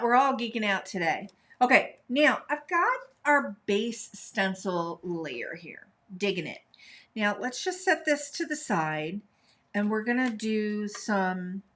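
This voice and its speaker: A woman hosting a live stencil and ink craft stream, chatting along as she works. Her talk is upbeat and casual, full of little asides, and she slips into a sing-song lilt now and then. She speaks at a medium pitch. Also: very animated, measured pace, a bit bright. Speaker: craft tutorial host.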